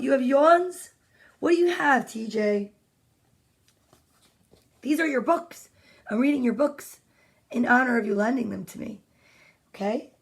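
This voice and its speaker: A woman's voice: fairly high pitch, breathy edge. A woman reading children's picture books aloud at home, chatty and playful, breaking off into side comments and whispers. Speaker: children's story reader.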